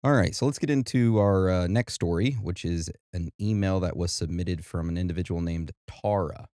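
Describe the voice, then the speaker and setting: Deep-voiced man hosting a podcast. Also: moderate pace, clean tone, no echo, clean studio sound. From Brooklyn, New York. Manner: relaxed, joking. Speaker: podcast host. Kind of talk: casual podcast chat.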